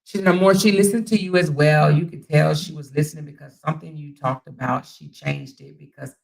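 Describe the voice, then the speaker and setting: A woman's voice: low voice, steady tone, fairly quick, gravelly, darkish tone. A woman hosting a casual livestream, reading viewer comments aloud and chatting back in reply. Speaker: livestream host.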